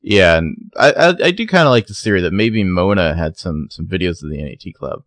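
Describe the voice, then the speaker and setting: A low-voiced man co-hosting a casual recap podcast with dry, wry asides. The recording is close and dead, with no room around the voice. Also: animated, fairly quick, a bit bright, no room sound. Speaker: podcast co-host.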